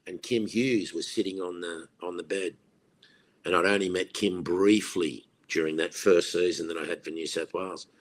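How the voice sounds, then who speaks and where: An Australian man in his sixties, a former cricketer, telling lively anecdotes in a podcast interview and acting out the voices of the people he quotes. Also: deep voice, normal speed.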